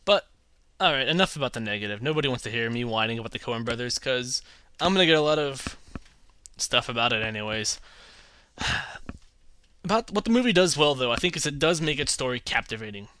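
A man in a casual opinion vlog, reviewing films with animated, exasperated ranting and putting on voices for others. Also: mid-range voice, a little fast, pauses often, smooth, dry recording. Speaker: film reviewer.

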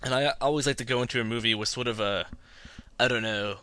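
A man's voice: mid-range voice, quick pace, bright, forceful tone, no room sound. A man from North Carolina hosting a movie podcast, rambling and joking at his own expense. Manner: self-mocking, joking, chatty. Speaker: podcast host and movie reviewer. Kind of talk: casual rambling monologue.

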